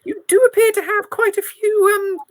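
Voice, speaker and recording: Mrs Claus as a fussy old granny, put on by a woman, chattering in a high, quavering voice well above her own. She sounds gossipy and a touch flustered, as in a tabletop game, recorded dry and close. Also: steady tone, moderate pace, no echo.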